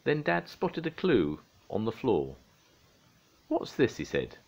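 Older grandfather storyteller, deep, very animated read-aloud. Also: a little slow, creaky. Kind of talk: reading a children's storybook aloud.

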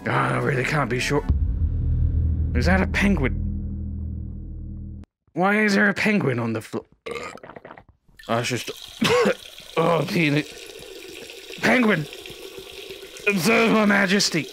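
A man's voice: fairly high pitch, sing-song, slow, gravelly, long pauses, a bit bright, faint music behind. A man giving theatrical, rambling commentary on a VR game while hamming up a drunk character. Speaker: VR gameplay streamer. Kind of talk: comedic VR gameplay commentary.

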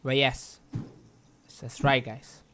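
Excitable streamer dude, bright sharp voice, mutters then yelps and swears, bit of faint hum behind. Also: male voice, medium pitch, takes it slowly. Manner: mutters and repeats himself while playing. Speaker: gaming streamer. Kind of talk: live gameplay commentary.

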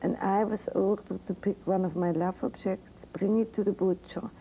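A woman's voice: medium pitch, steady tone, moderate pace, gravelly, dark tone, rough recording. An older woman psychiatrist telling a personal story to medical students in a frank, vivid lecture. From Switzerland. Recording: old 1982 recording with faint hiss.

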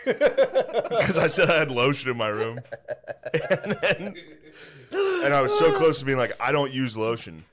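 A man in casual podcast talk who keeps breaking into laughter as he tells family stories. His pitch rises and falls a lot, and he jumps into gruff impressions of his father. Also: big pitch swings, a little slow, long pauses, a loud crowd. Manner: laughing storyteller, mimics his dad. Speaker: podcast host. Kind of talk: casual chat.

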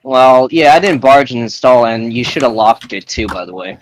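A man's voice: mid-range voice, expressive, normal speed, slight background noise, close to an everyday voice, rough recording. A man voicing a blunt, dry and sarcastic teen boy classmate in an amateur voice-acted podcast skit.

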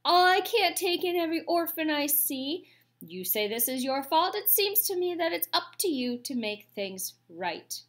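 A woman's voice: high-pitched, sing-song, unhurried, a bit bright, pitched above the performer's own voice, exaggerated voice. A woman voicing an old, bossy female goose who squawks and scolds bluntly. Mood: scolding.

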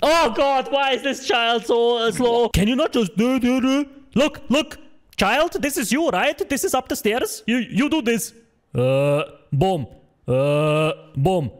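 A man reacting live to a horror video, excitable, joking and swearing, often yelling. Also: very high voice, a little slow, slight background noise.

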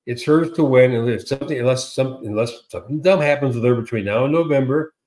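A man co-hosts a casual political talk show in an animated, sarcastic manner. He piles up repeated words and slips into mocking quotes. His voice sits at an ordinary middle pitch. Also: quick pace. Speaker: co-host.

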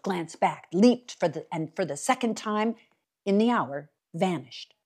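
A woman reading a novel aloud for a library reading series, with expressive, dramatic storytelling. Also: lowish voice. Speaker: library reader.

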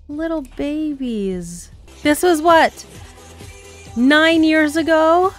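A woman with a high-pitched voice speaks very slowly, leaving long pauses, while faint music plays behind her. She hosts a K-pop reaction video, gushing and exclaiming as she watches, chatting casually and laughing often. The show's audio plays underneath.

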